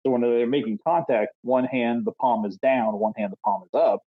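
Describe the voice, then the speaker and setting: A man in mid-pitch talks loosely on a podcast, circling back and restarting his sentences as he tells a coaching story. His voice comes through a slightly dull, lo-fi recording. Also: fairly even intonation, normal speed, dry recording. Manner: rambling storyteller with many restarts. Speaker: podcast co-host, youth baseball coach. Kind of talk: casual chat.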